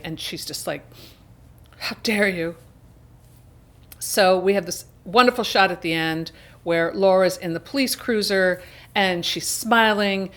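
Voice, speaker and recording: A woman hosting a casual show, retelling a film's plot in a chatty way with quick asides. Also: fairly low pitch, fairly bright tone. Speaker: host. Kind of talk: casual film discussion.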